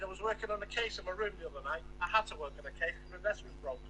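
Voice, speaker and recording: A man's voice: high voice, rapid-fire, heavy background noise. A man telling crude one-liner jokes, stand-up style.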